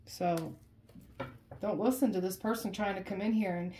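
This is a woman in the middle of a casual tarot reading, talking straight to her viewers. Her voice sits at an ordinary pitch for a woman. She speaks emphatically and conversationally and keeps circling back to repeat her phrases. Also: steady tone, moderate pace, dark tone, a little hiss or hum. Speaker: tarot reader.

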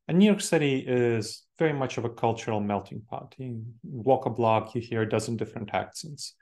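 A man's voice: mid-range voice, a little fast, a little mellow. A man in his forties with a Moldovan accent, giving an explanatory presentation, repeating key points and often correcting himself mid-sentence. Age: 40s. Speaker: speaker. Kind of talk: presentation talk.

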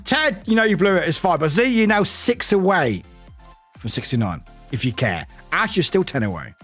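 A man's voice: high-pitched, big pitch swings, moderate pace, a bit bright, husky, soft background music. A man streaming a game and chatting casually with his viewers, rambling along, laughing often and swearing freely. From United Kingdom. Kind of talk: casual chat with viewers while gaming.

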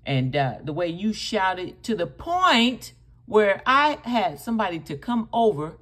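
A woman's voice: medium pitch, big pitch swings, unhurried, fairly bright tone. A woman hosting a reaction channel, commenting on clips in an emphatic, scolding way. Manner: scolding, emphatic, addresses the other speaker directly.

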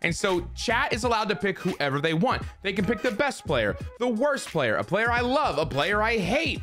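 A man streamer giving casual, joking, profane commentary while playing a baseball video game. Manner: animated, joking and profane, pitch swinging widely. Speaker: gaming streamer.

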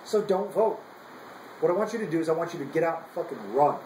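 A man's voice: fairly high pitch, animated, fast talker, dark tone, echoey room, a little hiss or hum, low-quality recording. A young man on active military duty, giving a heated, profane political rant full of repeated words. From United States. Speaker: active duty service member.

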